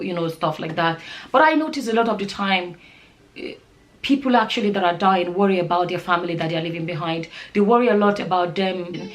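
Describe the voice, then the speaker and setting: A woman's voice: mid-range voice, a little fast. A woman who works as a nurse, talking earnestly to camera in a casual vlog, rambling with many fillers and restarts. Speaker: nurse and vlogger.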